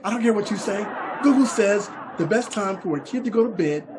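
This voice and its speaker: A man's voice: sits high, animated, fairly quick, background noise, pitched above the performer's own voice. A man voicing his sassy, know-it-all young daughter in a stand-up routine. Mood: smug, sassy. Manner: smug, teasing.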